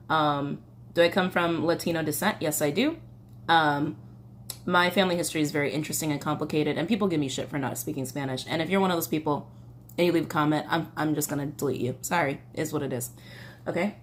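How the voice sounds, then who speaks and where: A woman chatting casually through a tarot reading, with a slight cough and a loose, swearing manner. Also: low voice. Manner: chatty, swearing, reads song lyrics aloud. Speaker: tarot reader.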